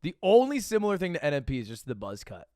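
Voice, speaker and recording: A man streaming live and reacting to a video with animated, profane, mocking commentary. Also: on the high side, fast talker, no echo, studio quality.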